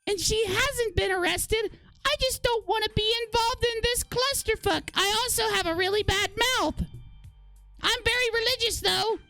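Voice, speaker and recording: A man reading out a flustered, self-righteous woman commenter in a mocking falsetto, whiny and indignant. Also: normal speed, vocal fry, sharp tone, dry recording, faint music behind, exaggerated voice.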